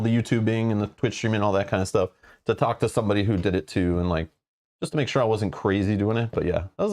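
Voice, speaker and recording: A man's voice: lowish voice, a little mellow. A man hosting a casual live-stream chat. He rambles through stories, jokes a lot and uses plenty of fillers. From Canada. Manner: rambling storyteller with many fillers, joking. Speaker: show host.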